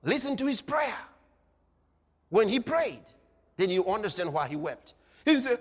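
A man preaching a dramatic sermon, swinging between shouts and hushed, low passages. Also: big pitch swings, moderate pace, pauses often, husky. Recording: long reverb of a large hall.

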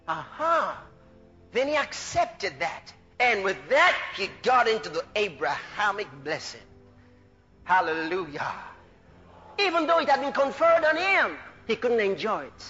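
High, bright-voiced shouting preacher man. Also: a little slow, highs cut off, faint music behind. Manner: animated, bursts into shouts of hallelujah, laughs mid-sentence. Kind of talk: sermon.

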